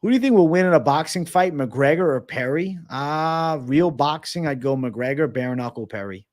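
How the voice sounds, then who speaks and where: A man hosting a livestream Q&A, reading viewer messages aloud and answering in a loose, joking, profane way, often trailing off low and quiet at the ends of his answers. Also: expressive, normal speed. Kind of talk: casual livestream Q&A.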